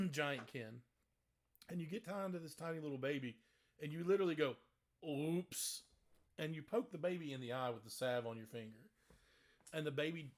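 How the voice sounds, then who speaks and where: A man narrating as game master of a tabletop game, chatty and rambling with many fillers. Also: medium pitch.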